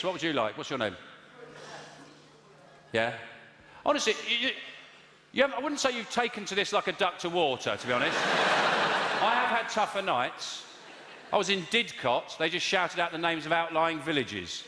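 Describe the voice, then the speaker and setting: English comic guy riffing with the crowd, bouncy pitch, big echoey hall. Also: very animated, normal speed, pauses often, sharp tone, a little hiss or hum. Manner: rambling, self-correcting, mock-outraged. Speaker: stand-up comedian. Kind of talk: stand-up with crowd work. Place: live venue with audience. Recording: echoey hall, live audience.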